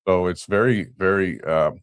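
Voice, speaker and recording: A man co-hosting a casual talk show, relaxed and rambling with frequent chuckles. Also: deep voice, normal speed, clear, resonant tone, no echo, studio quality. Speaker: co-host. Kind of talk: casual chat.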